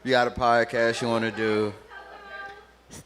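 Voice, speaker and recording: A man's voice: medium pitch, level tone, moderate pace, a crowd in the background. A laid-back, joking man, hosting a casual drinking talk show. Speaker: host. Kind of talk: casual chat.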